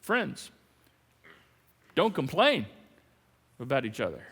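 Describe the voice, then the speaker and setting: A man preaching a sermon as pastor, animated and jokey, with sudden loud emphasis. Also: mid-range voice, takes it slowly, breathy edge, big-room sound. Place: large church hall.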